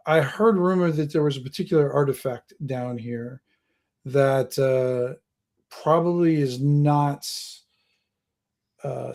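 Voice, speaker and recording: A guarded noble lord, voiced by a man running a tabletop game, who chooses his words slowly and courteously. His voice is of ordinary pitch, and he never hurries. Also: a little mellow. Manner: slow, courteous, deliberate.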